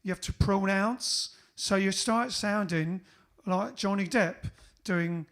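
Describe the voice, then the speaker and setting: A man's voice: high voice, slow pace, fairly bright tone. A man with a Cockney-Essex accent, hosting a casual livestream chat as a band frontman, rambling with many fillers. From England.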